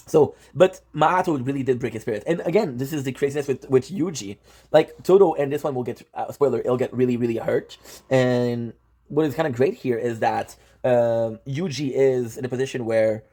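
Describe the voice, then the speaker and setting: A man giving casual, excitable reaction commentary on a manga, swearing often and full of fillers and restarts. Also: medium pitch. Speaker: manga reviewer.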